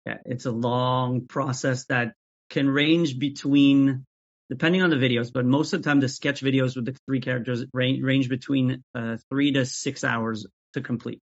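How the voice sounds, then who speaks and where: A man in a middle-pitched voice answers interview questions in an even, steady way, often trailing off and restarting. The recording sounds dull and lo-fi. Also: normal speed. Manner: even-keeled, many restarts. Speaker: guest, sketch creator. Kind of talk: casual interview chat. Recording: dull lo-fi audio.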